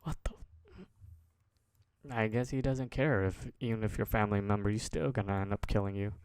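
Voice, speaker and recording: Man, reaction host, casual rambling commentary, low voice, gravelly, dry close sound. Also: dry recording. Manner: relaxed, rambling, pauses to comment.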